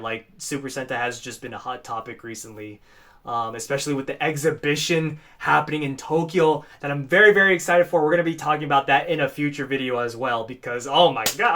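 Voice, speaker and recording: Gushing fan man, bright voice. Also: fairly high pitch. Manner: rambling, gushing, breaks into animated outbursts. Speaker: fan channel co-host. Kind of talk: excited casual fan commentary.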